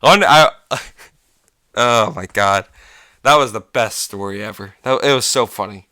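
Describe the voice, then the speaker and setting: Young man, podcast host, bright voice, smooth and crisp, dry close sound, rambling and profane. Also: fairly low pitch, moderate pace, dry recording. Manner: rambling, profane, restarts words, laughs at own story. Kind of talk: casual storytelling monologue.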